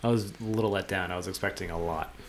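A man with a fairly low voice co-hosts a casual podcast, rushing through his thoughts at a brisk clip. He trips over restarts and repeats words as he goes, and faint noise hums underneath. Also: fairly even intonation. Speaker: podcast co-host. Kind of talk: casual chat.

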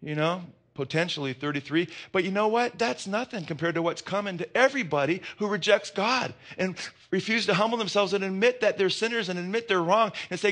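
Preaching with a slightly bright voice at a fairly quick clip, this pastor builds his sermon to intense, emphatic heights. He asks the congregation questions only to answer them himself, drifting into rambling tangents along the way.

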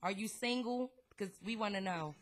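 A woman's voice: mid-range voice, moderate pace. A woman, co-hosting a podcast in casual banter, blunt, profane and teasing. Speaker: podcast co-host.

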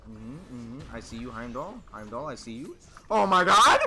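Excitable young man commentating his gameplay. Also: mid-range voice, moderate pace. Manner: excitable, swearing, laughing, trash-talking. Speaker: gaming streamer.

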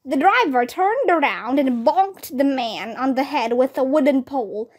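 Woman, storybook reader, high voice, slow pace, careful even narration. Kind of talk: reading a children's mystery aloud.

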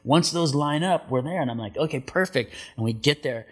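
A middle-aged man, a surfer guest on an interview show, telling a story in a casual, animated way, acting out what people said and saying "like" a lot. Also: fairly high pitch, a little fast, husky. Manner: animated storyteller, acts out quotes, many filler likes.

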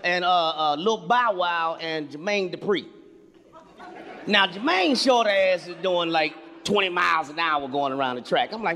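A man's voice: high voice, unhurried, some chatter behind. A man performing stand-up comedy, telling a profane story and acting out the people in it. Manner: profane, animated, acts out characters. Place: theater stage before a laughing audience. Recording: live hall with long reverb, faint noise.

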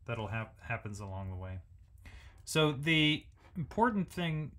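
A man's voice: mid-range voice, big pitch swings, a little slow, a bit bright. A man hosting a music lesson, thinking aloud as he analyzes a symphony and sings the rhythms on nonsense syllables. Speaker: music educator host.

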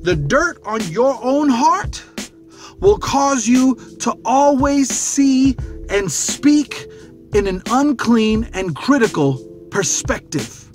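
A man giving an animated, conversational devotional message as a preacher, often repeating phrases. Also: very high-pitched, slow pace, faint music behind.

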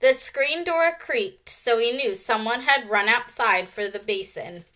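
Slow, bright-voiced woman teacher reading aloud. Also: on the high side. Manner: slow, expressive storytelling. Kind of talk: read-aloud narration.

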